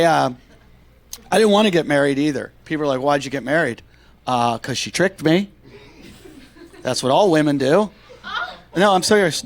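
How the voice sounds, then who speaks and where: A middle-aged man's stand-up set at a club has him recounting stories with a straight face and a deeper voice for quoted lines. His pitch sits a little high.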